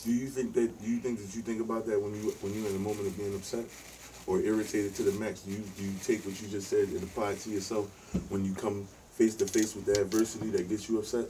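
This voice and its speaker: A man's voice: on the low side, flat delivery, quick pace. A man in a casual group discussion who asks probing questions and often says "you dig what I'm saying". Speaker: podcast participant. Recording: distant mic with faint noise.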